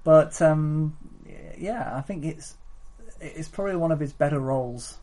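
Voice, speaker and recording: A man chats casually about films on a podcast, rambling along with plenty of fillers and a playful streak. His voice sits on the higher side. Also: measured pace, mellow. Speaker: podcast co-host. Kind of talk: casual film chat.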